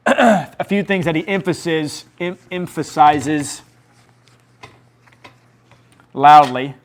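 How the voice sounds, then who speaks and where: Earnest pastor preaching, slightly high voice. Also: male voice, slow pace. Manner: earnest teaching with scripture readings and asides; repeats key phrases for emphasis. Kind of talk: sermon.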